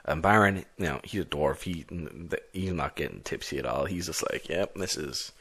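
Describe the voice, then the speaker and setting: Low-voiced man narrating a solo tabletop game. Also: animated, fairly quick, gravelly, fairly bright tone, breathy edge. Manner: casual, rambling, many restarts.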